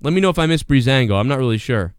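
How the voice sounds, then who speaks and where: A man reviewing a wrestling show on a livestream, rambling and swearing in casual, excitable talk. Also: medium pitch, rapid-fire, smooth, no echo, clean studio sound. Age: adult parent. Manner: profane, rambling, excitable, acts out bits in quotes.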